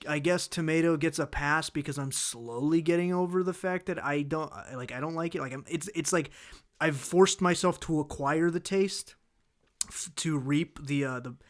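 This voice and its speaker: A man's voice: a little high, fairly bright tone. A man hosting a casual solo talk show, rambling through food complaints with many restarts, fillers and exasperated outbursts. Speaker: host.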